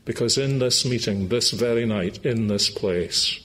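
Slow, low-voiced Scottish preacher. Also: male voice, fairly bright tone. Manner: slow, earnest, pleading appeals to the listener. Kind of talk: sermon with closing prayer. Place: church meeting.

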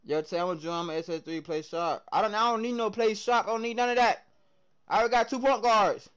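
Hyped young Southern streamer, high voice. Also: male voice, brisk, clear, resonant tone. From American South. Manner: hyped slangy chatter, swings loud and soft. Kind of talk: live game stream chat.

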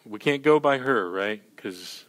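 A male pastor preaching at a mid pitch, chatty and animated and full of asides. He slips into little acted-out scenes and keeps checking in with the congregation. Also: a little slow. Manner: animated, acts out scenes in character voices; conversational, peppered with "you know" and "right". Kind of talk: sermon.

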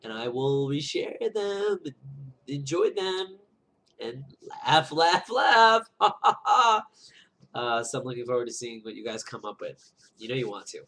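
A man's voice: medium pitch, normal speed. A man rambling casually to viewers in a vlog, full of fillers and restarts, chatting while he eats lunch. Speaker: vlogger.

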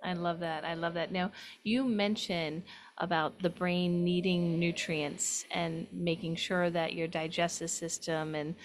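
A woman's voice: lowish voice, steady tone, a little slow. A woman with a New York accent, from New York, hosting a nutrition show and chatting with her guest in an enthusiastic, playful way. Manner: enthusiastic, praising, playful teasing. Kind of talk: casual health chat.

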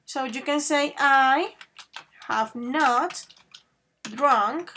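Woman, English teacher, high bright voice, online grammar class, affectionate pet names, slow model sentences. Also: a little hiss or hum. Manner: switches between English and Spanish explanations.

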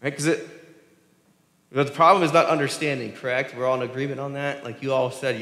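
A man giving a conversational sermon as a pastor. He talks in an animated way and keeps asking the congregation "right?". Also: medium pitch, brisk. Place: church sanctuary. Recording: echoey church hall with long reverb.

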